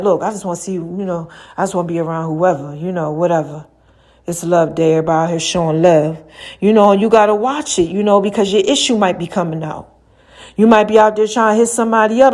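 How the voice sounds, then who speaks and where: A woman hosting her own podcast, talking casually and chattily with slang, swinging between loud laughing bursts and low murmurs. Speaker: podcast host. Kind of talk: casual rambling monologue. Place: room with lights and a mirror.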